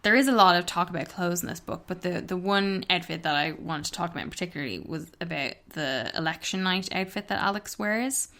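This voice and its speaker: A woman's voice: fairly low pitch, animated, a little fast, few pauses, a bit bright. Chatty woman co-hosting a book podcast. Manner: chatty, candid, swears casually. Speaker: podcast co-host. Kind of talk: casual book club chat. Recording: traffic noise from an open window.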